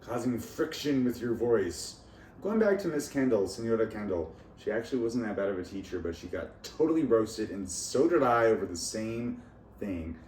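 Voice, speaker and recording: A man's voice: fairly low pitch, animated, normal speed, a little mellow. A man talking alone in a rambling, jumpy way about accents and his language lessons, laughing at his own jokes. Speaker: vlogger. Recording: echoey room, far from mic, noisy.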